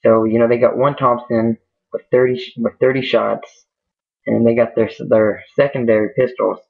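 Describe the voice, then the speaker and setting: A man's voice: mid-range voice, little pitch movement, moderate pace, gravelly. A man telling an improvised scary story in a rambling way, with many fillers and restarts. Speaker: amateur storyteller. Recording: tinny phone-like lo-fi audio.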